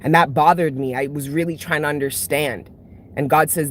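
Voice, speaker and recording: A woman's voice: sits low, steady tone, normal speed, a little hiss or hum. Blunt, cursing woman venting to viewers. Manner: blunt, heavy swearing, emotional outbursts. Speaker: tarot reader and channel host.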